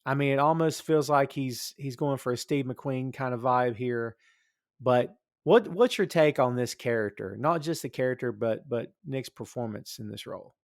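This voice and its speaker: A man's voice: mid-range voice, moderate pace, no room sound, studio quality. A man with a Southern US accent hosting a podcast, chatting casually with many fillers and frequent laughs. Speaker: podcast host.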